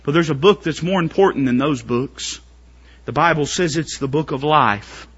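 A man preaching a sermon to his congregation, building up to shouted, strained pleading climaxes. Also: on the high side, normal speed, breathy edge, lo-fi sound.

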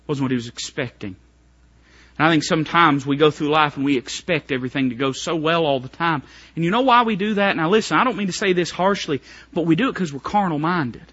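A man preaching a sermon, rising to shouts and dropping to hushed tones. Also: lively intonation, normal speed, slightly rough. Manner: swings between shouted climaxes and hushed low passages. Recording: muffled lo-fi church recording.

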